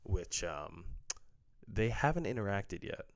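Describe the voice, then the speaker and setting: Male movie reviewer, low voice, casual and profane, loose and filler-heavy. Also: lively intonation, slow, gravelly, background noise. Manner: blunt, profane, full of fillers. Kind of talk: casual ranting film review.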